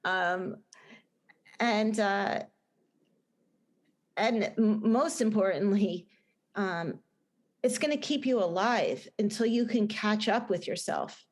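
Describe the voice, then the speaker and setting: A woman's voice: mid-range voice, takes it slowly, long pauses. A middle-aged woman with a New Jersey accent, a guest in a casual podcast interview, talking earnestly and rambling with many restarts. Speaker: guest, film director and writer.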